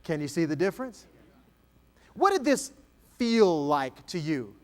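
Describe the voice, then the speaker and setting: Energetic man speaking on stage. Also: fairly high pitch, unhurried. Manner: energetic, coaxing a volunteer. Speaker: keynote speaker. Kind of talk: interactive stage talk. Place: stage before an audience.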